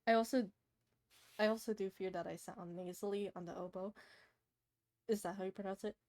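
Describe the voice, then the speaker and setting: A woman's voice: medium pitch, fairly even intonation, brisk, a little mellow. A young woman with a slightly nasal voice, chatting casually with her live-stream chat while drawing a commission and laughing often.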